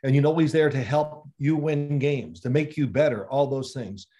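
Animated former quarterback telling stories. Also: male voice, mid-range voice, normal speed. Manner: animated storyteller, acts out quoted exchanges. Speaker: former NFL quarterback guest. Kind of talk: casual interview storytelling.

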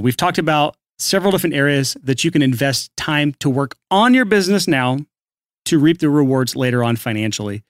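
A male podcast co-host explaining business steps in steady, casual teaching, keeping the talk on track. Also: fairly high pitch, no echo, studio quality. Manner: steady, keeps the episode on track.

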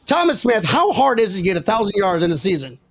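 A young man hosting a sports podcast, excitable and joking as he argues his picks and talks over the others. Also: sits high, quick pace. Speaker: podcast host. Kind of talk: casual sports banter.

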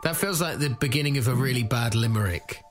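A man's voice: mid-range voice, music in the background. Teasing podcast host man. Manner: teasing, rambling, quick plugs. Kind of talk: casual comedic chat and promo.

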